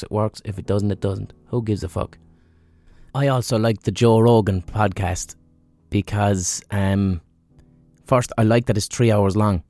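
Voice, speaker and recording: A man's voice: lowish voice, warm tone. Blunt sweary man, feverish. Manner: blunt, sweary, rambling with many ums. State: feverish, unwell. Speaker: podcast host. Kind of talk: casual solo monologue.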